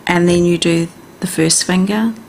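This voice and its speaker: A middle-aged woman with a New Zealand accent, hosting a radio health and wellness talk and gently coaching listeners step by step in a chatty way. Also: fairly low pitch, steady tone, normal speed, slight background noise. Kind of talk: casual instructional radio talk.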